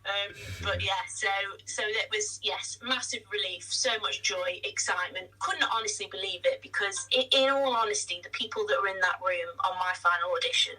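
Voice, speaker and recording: A chatty woman with a husky, bright edge to her voice, telling stories in a relaxed interview. She talks with quick self-deprecating asides, sitting a little back from the mic. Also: mid-range voice, far from the mic, poor audio. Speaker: musical theatre actress, guest. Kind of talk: casual interview chat.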